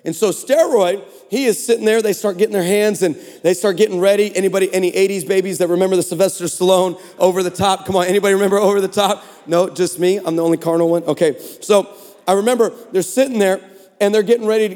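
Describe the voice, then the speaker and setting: A man in his forties giving a sermon as a guest preacher, telling funny stories in an animated, sarcastic way. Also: high voice. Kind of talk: comedic storytelling sermon. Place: large church hall. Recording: long hall reverb.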